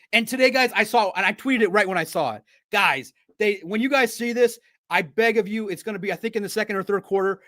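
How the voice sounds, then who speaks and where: A man hosting a casual sports talk show, riffing in an animated, jokey way with sudden loud bursts. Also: sits high.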